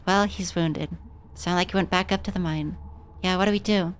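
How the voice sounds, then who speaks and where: Casual, low-voiced woman streamer. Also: steady tone, moderate pace, slight background noise. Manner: casual, swearing freely. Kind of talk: reading game dialogue aloud on a livestream.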